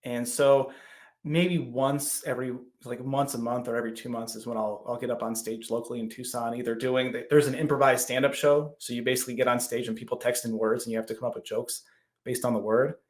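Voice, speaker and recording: A man's voice: medium pitch, brisk. A man in his thirties, a podcast guest, chatting casually and acting out his own quoted lines as he tells stories. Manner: animated storytelling, acts out quoted lines. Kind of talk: casual interview chat.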